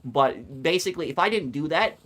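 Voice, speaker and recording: A man's voice: on the high side, expressive, fairly quick, fairly bright tone. A man streamer telling a long story in casual chat, rambling and repeating words as he goes. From United States.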